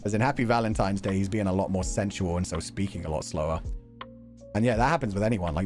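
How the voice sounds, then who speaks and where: A young man chatting casually on a stream, talking fast and laughing often. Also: low voice, faint music behind. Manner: animated, quick talker who laughs often. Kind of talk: casual chat.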